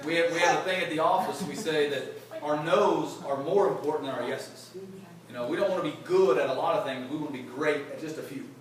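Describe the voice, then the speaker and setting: Talking fast in a voice on the high side, this sales leader keeps his motivational talk casual and full of jokes, chatting with the live audience and throwing questions at them during a company event. The recording picks up the echo of a big room, a distant mic, and background noise.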